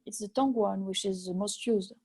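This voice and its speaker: A woman with a French accent talks over a video call in a mellow, soft-edged voice. She speaks English haltingly, stopping often and filling pauses while she hunts for words. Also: mid-range voice, husky, soft background music. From France. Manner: halting, searching for English words with many fillers. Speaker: harmonica player. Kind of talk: online interview.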